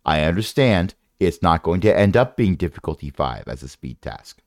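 A man's voice: low-pitched, big pitch swings, normal speed, darkish tone, dry recording, clean studio sound. A man running a tabletop game as game master, rambling and correcting himself with wry asides.

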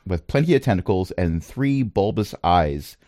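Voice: low-pitched, lively intonation, normal speed, dark tone, no room sound, studio quality. A game master narrating the adventure and hosting the stream, with a wry, playful manner.

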